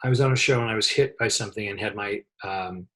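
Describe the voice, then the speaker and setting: A middle-aged man, a set dresser, telling a lively anecdote in an interview and laughing often as he talks. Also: on the low side, quick pace.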